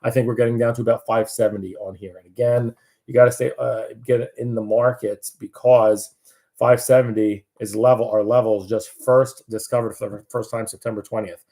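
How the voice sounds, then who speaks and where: A man's voice: medium pitch, level tone, normal speed, dark tone. A man giving casual live market commentary, chatty and loose, with many fillers and restarts.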